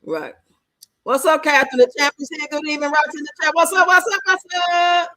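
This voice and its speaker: A woman from Chicago with a Chicago accent, hosting a livestream and answering her chat in an animated, outspoken way. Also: high voice, fairly quick, dry recording, poor audio. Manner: animated, outspoken, emphatic, talks back to the chat. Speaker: livestream host. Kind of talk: livestream chat reacting to comments.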